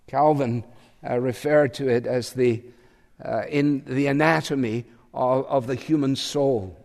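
Man, preacher, sermon, slow deliberate delivery, reflective, echoing hall. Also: mid-range voice, fairly even intonation, gravelly, darkish tone. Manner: measured and reflective, pausing often with fillers. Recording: long hall reverb.

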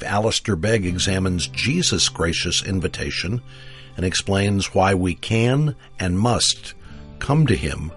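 A deep-voiced man reading a scripted radio promo with a husky tone. Music plays faintly behind him while he speaks in a measured way. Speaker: radio program announcer.

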